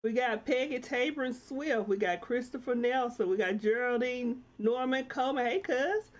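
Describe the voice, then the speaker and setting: A woman hosts her own live-stream talk show, greeting viewers by name and urging them on with warm, churchy, preacher-like exhortation. Her voice is on the high side at normal speed, and the sound is lo-fi.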